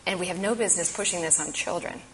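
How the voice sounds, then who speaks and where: Earnest, low-voiced woman speaking in church. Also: quick pace, fairly bright tone, slight background noise, rough recording. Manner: earnest, emphatic, urgent. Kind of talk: impassioned advocacy talk.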